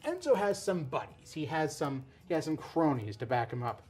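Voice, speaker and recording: Rambling excitable male podcast host. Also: on the high side, moderate pace, husky, soft background music. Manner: rambling, excitable, with frequent restarts. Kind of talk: casual wrestling chat.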